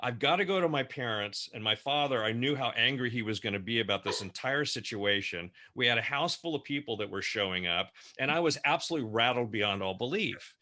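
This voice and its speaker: A man spins a personal story during an interview, lively and acting out each quoted line. His voice has a bright, clear edge and sits at an ordinary middle pitch. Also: fairly quick, hardly any pauses. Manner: lively storyteller who acts out quoted dialogue. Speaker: co-host. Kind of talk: telling a personal anecdote in an interview.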